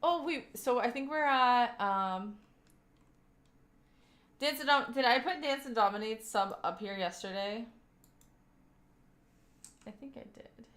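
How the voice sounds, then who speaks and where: A woman's voice: fairly high pitch, takes it slowly, pauses often, a bit bright. A young woman from Kentucky, livestreaming and chatting with her viewers in a rambling way full of fillers. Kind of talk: casual stream chat, reading chat aloud. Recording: roomy echoey home room.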